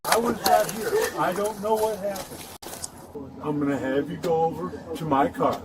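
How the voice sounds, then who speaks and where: A male officer with a fairly high voice speaks in short, stern, matter-of-fact lines. He sets conditions plainly and without fuss. Voices of other people are heard around him. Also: moderate pace, a crowd in the background. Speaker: police officer. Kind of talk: firm instructions.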